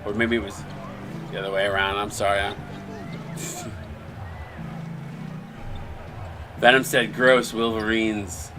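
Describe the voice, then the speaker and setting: A man's voice: lowish voice, little pitch movement, slow pace, pauses often, over music. A man hosting a live stream, calling a simulated basketball game and chatting casually with a co-host and viewers, rambling and restarting his sentences. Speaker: play-by-play caster and stream host.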